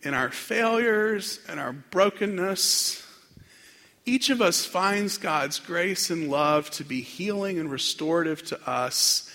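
Gravelly man preaching in a reverberant hall. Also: on the high side, sharp tone. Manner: reflective, unhurried, with frequent fillers and restarts. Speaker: pastor. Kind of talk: sermon. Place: church sanctuary.

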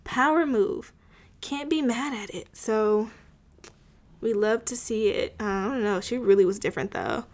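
A woman's voice: fairly high pitch, unhurried, darkish tone. A young woman casually recapping a TV episode, chatty and full of filler words, with wry asides. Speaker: show recapper.

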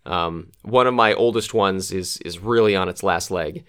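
A man's voice: low-pitched, normal speed, fairly bright tone, clear, resonant tone. A middle-aged man hosting a casual podcast chat, blunt and swearing freely. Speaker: podcast host.

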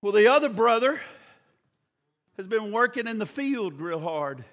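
A male preacher tells a story from the pulpit. His voice sits very high and sounds bright and forceful, and he is animated, rising to shouts at the peaks. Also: measured pace, big-room sound. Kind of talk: sermon.

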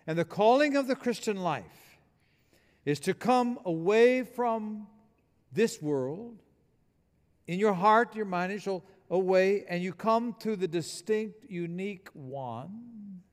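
Male pastor, fervent sermon delivery, higher-pitched voice, reverberant sanctuary. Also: lively intonation, slow pace. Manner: emphatic preaching with call-and-response. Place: church building.

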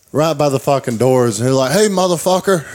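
A man's voice: mid-range voice, fairly even intonation, unhurried, darkish tone. A man telling a rambling story in casual chat, swearing freely and acting out the other people's lines. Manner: profane, rambling, acts out quotes. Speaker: show co-host.

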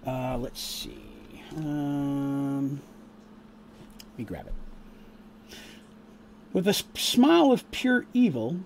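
A man narrating a tabletop game as game master, casual and full of fillers, pausing to explain rules. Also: mid-range voice, big pitch swings, vocal fry, a little mellow, slight background noise.

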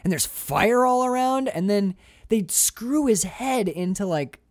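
Excited rambling man talking movies. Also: high-pitched, a little slow, no echo, studio quality. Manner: enthusiastic, rambling, frequent restarts and swearing. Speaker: podcast co-host. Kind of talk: casual film discussion.

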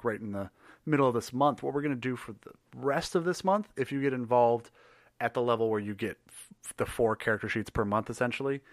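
A man co-hosting a podcast in easy, rambling chat, full of ums, restarts and quick laughs. His voice sits at an ordinary middle pitch. The sound is dry and close, with no room around it. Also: a bit bright, dry recording. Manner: laughs often, many fillers and restarts. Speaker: podcast co-host. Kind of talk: casual chat.

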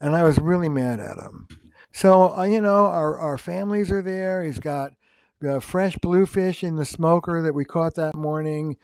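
A man's voice: a little high, normal speed, clear, resonant tone, dry recording. An older man, a relationship counselor, talking through advice in an interview and acting out the lines he quotes. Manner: animated storyteller who acts out quoted dialogue. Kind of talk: conversational podcast interview.

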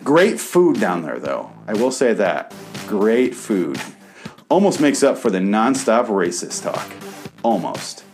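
A man's voice: on the low side, big pitch swings, slow, a little mellow, faint music behind. A man from the American Midwest hosting a comedy show, reading his own writing aloud and then ranting in a sarcastic, profane, bitter way.

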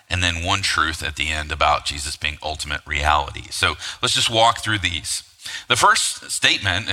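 A man with a lowish voice preaching a sermon with a hard, forceful edge. He talks casually, tossing in rhetorical asides and fillers as he goes. His voice rings with a long hall reverb. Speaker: pastor.

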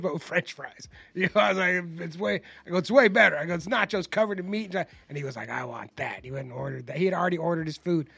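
Gravelly, fast-talking man, husky voice. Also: on the high side, dry recording. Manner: animated storyteller, acts out quotes. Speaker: podcast host. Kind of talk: casual chat.

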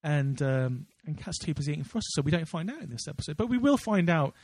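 A man's voice: fairly high pitch, sing-song, fast talker, darkish tone, husky, no room sound. A man co-hosting a podcast in casual chat, rambling with many fillers and restarts. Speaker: podcast co-host.

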